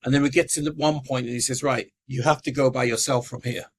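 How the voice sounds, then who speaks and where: A man's voice: mid-range voice, fast talker, breathy edge. Guy, middle-aged, telling his story on a podcast, does everyone's voices. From England. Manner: animated storyteller acting out quoted voices. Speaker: guest.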